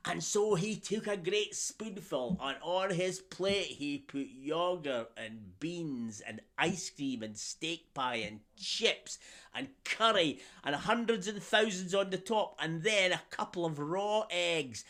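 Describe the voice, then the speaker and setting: A man's voice: a little high, animated, slow pace, a bit bright. A man telling a story to children, theatrical and drawing the listeners in to join along. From Scotland. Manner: theatrical, asks the young audience to join in.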